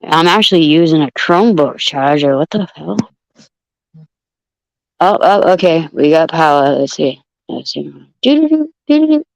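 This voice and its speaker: A woman's voice: low-pitched, measured pace, gravelly, pauses often, no room sound, lo-fi sound. A woman chatting casually on a live stream at home, swearing freely and laughing a lot between lines. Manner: profane, laughing a lot, yelling across the room. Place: home room with open window.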